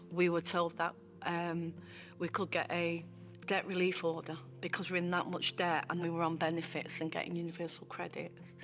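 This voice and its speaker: A woman's voice: fairly low pitch, fairly bright tone. Heartfelt woman telling her own story. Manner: heartfelt, repeats phrases for emphasis. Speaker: former client giving a testimony. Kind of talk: filmed personal testimony.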